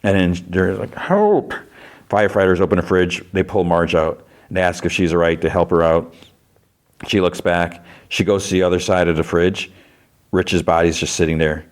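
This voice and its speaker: A man with a low voice recaps a show in a relaxed, chatty way, full of fillers and restarts. When he quotes characters, he jumps up into a raised, put-on voice. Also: normal speed. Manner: retells scenes, acting out quotes in a raised voice; loose delivery with frequent fillers. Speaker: podcast host. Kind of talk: casual plot recap.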